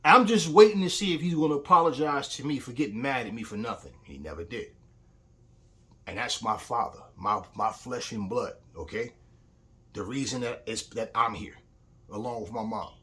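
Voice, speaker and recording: A man's voice: medium pitch, normal speed, pushed and bright. A man talking in a casual opinion vlog as a boxing commentator, telling stories bluntly and heatedly, with frequent swearing.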